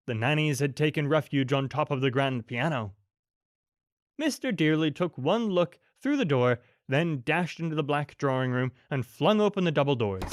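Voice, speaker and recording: A man narrating a children's bedtime audiobook in a gentle, expressive storytelling manner. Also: a little high, no room sound, clean studio sound.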